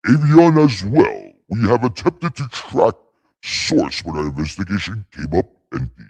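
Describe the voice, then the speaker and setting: A man doing a husky grave winged hero. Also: fairly low pitch, sing-song, a little slow, a little mellow, voice pushed down, exaggerated voice.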